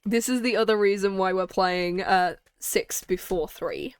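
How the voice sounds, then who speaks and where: A woman's voice: mid-range voice, steady tone, unhurried, hardly any pauses. A woman streamer giving chatty, laughing commentary while playing a game, swearing casually. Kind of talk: casual let's-play commentary. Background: game music.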